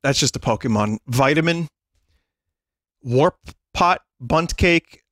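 A man streaming to his chat, talking slowly and in an unhurried way, with frequent bursts of laughter as he reads down a list. His voice sounds close and dry, with a mid pitch. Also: animated, fairly bright tone, dry recording. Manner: amused, laughs often while reading a list aloud. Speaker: livestream host.

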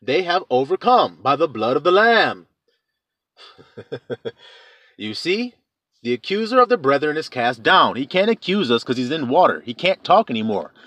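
Animated laughing preacher. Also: male voice, on the high side, normal speed, long pauses, dry recording. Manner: animated, laughing, playful sing-song asides. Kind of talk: informal sermon.

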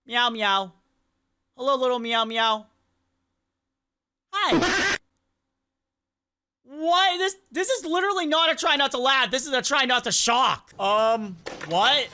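A young woman hosting a reaction video, chatting casually and exclaiming at funny clips. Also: high-pitched. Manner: animated, exclaiming and questioning clips.

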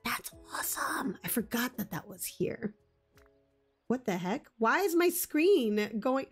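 Woman, game streamer, bubbly, giggly, fairly high voice, unhurried. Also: big pitch swings, husky. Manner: bubbly, gushing and giggly, talking to chat. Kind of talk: live game stream chat. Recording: faint music behind.

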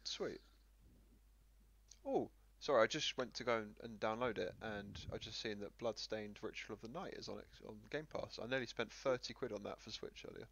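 Hoarse man hosting a podcast. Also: on the low side, moderate pace, fairly bright tone. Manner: chatty, self-deprecating, joking. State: hoarse, losing his voice. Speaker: podcast host. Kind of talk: casual chat. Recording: slightly muffled audio.

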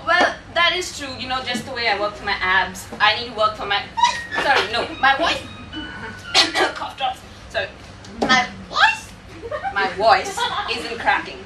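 A woman's voice: a little high, animated, moderate pace, lightly acted. A woman playing a cheeky teenage male pop star in a comedy skit, talking in a flustered, bragging way. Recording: echoey far-off hall mic with loud noise.

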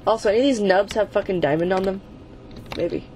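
She's a gaming channel host doing let's play commentary, a little fast, her mid-range voice carrying a darkish tone. Exasperated, she swears at the game and repeats the same urging chants over and over. A faint hiss or hum sits under the audio.

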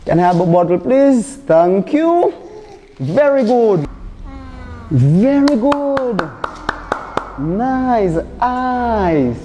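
A Barbadian woman caregiver leading play exercises with toddlers, giving slow, patient, repeated praise. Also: fairly high pitch, big pitch swings, warm tone. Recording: echoey room with faint noise.

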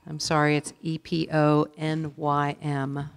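A woman serving as a spelling bee pronouncer, reading words, definitions and sentences in a measured, formal way. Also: low voice. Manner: measured, even, repeats each word clearly. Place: school auditorium. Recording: long reverb of a large hall.

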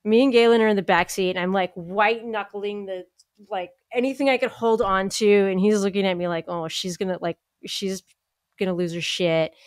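A woman co-hosting a podcast, telling a story in casual chat, animated and full of "like," acting out what people said. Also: medium pitch, normal speed, no room sound, studio quality. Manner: animated, acts out quoted voices, lots of "like" and laughter. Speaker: podcast co-host.

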